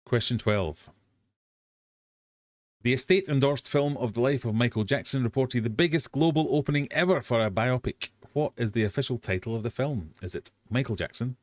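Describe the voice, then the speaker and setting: A medium-pitched English man hosts a live quiz hangout at a moderate pace, with no room sound. Chatty and self-mocking, he is easily sidetracked onto tangents and now and then bursts into silly sung bits.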